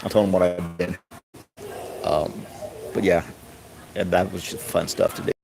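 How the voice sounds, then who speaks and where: Middle-aged guy rambling thru a story, lowish voice, laughs a lot, noisy background. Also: little pitch movement, normal speed, vocal fry. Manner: chuckling, rambling, mimics others in a high voice. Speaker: streamer. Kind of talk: casual storytelling.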